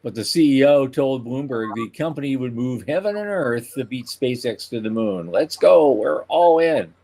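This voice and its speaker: A man's voice: mid-range voice, normal speed. Older guy cohosting a podcast, jokey and chatty, tells little stories. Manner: joking, lively storyteller. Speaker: podcast co-host. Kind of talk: casual chat.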